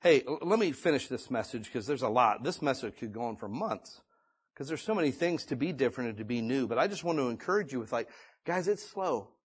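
A male pastor preaching a sermon in a folksy, conversational way, swinging between loud and hushed delivery. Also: medium pitch, expressive, brisk, breathy edge. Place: church or meeting room.

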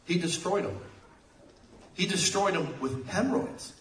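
A man preaching a sermon, telling jokey stories with sudden loud outbursts. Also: a little high, lively intonation, measured pace, a little hiss or hum. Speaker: pastor. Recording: echoey room, mic at a distance.

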